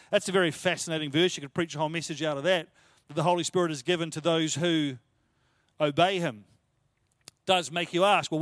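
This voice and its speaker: A man with a noticeably high voice delivers a sermon in a church setting. He talks his congregation through scripture in a loose, conversational way, hammering his points home by repeating them. The sound is dry and close, with no room echo. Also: fairly bright tone. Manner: expository, conversational, emphatic with repetition. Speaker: pastor.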